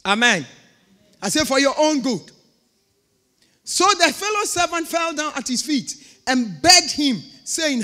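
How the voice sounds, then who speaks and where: A woman's voice: high-pitched, big pitch swings, a little slow, pauses often, bright, forceful tone. Woman preaching in an echoing church. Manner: emphatic preaching with repeated phrases. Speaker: pastor. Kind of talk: sermon. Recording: long reverb of a church hall.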